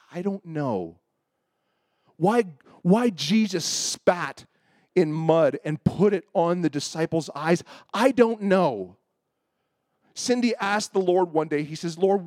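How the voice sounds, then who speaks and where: A man's voice: a little high, dry recording, clean studio sound. A man preaching a sermon, telling a personal story with acted-out dialogue and building to emphatic points. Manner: animated storyteller, acts out quoted voices, rising to emphatic preaching. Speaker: pastor.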